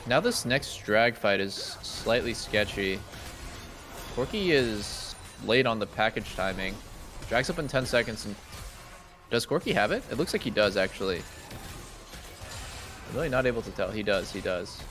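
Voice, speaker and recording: A man giving casual, excitable commentary on an esports match at a watch party, rambling and restarting often. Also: on the low side, normal speed, pauses often, over music. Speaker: stream co-caster.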